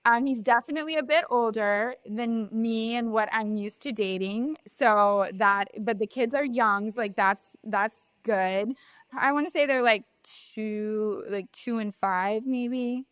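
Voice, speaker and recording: A woman's voice: on the high side, unhurried, smooth, no room sound. Young woman, podcast co-host, chatty, filler-heavy storyteller, dry recording. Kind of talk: casual chat.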